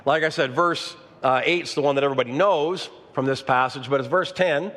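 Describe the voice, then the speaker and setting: A man's voice: medium pitch, brisk, a bit bright. A man preaching a sermon to his congregation as pastor, breaking off to ask them for an amen and to talk to the person beside them. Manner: preaching with call-and-response asides to the congregation. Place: church sanctuary. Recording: long church reverb.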